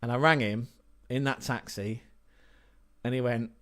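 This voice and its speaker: A man's voice: mid-range voice, fairly even intonation, a little slow, fairly bright tone. An English man chats loosely on his livestream, rambling through stories and swearing freely. He talks in a middle register, plain and conversational. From England. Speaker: livestream host. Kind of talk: casual livestream storytelling.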